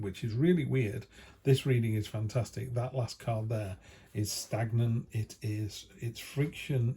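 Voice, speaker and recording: Speaking in a mellow mid-range voice with a little hiss or hum on the recording, a man reads tarot casually from his home next to a field. His talk is chatty, enthusiastic, and full of fillers, with faint outdoor sounds and dogs going by in the background.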